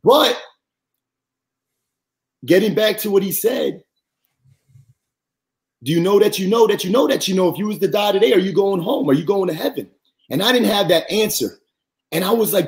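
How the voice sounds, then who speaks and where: Earnest, animated man sharing faith testimony. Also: normal speed, pauses often. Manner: earnest, animated, rises high when quoting. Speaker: podcast guest. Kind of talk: faith-centered personal testimony.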